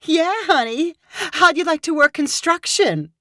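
A woman reading a story aloud, voicing a cheerful, confident woman customer with a bright, playful manner. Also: medium pitch, big pitch swings, moderate pace, no room sound, clean studio sound.

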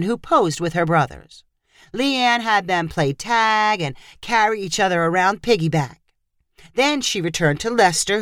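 A woman reads a story aloud with a lively, expressive voice that moves up and down freely. The sound is dry and close, with no room echo. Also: mid-range voice. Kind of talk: scripted story narration.

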